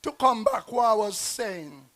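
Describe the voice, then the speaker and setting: Guest poet, man, Nevisian Creole accent, very high voice, slow rhythmic rhyming recital with big dynamic swings. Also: lively intonation. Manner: rhythmic rhyming delivery, dramatic shifts in loudness. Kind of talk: performance poetry recital. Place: outdoor stage at a festival square.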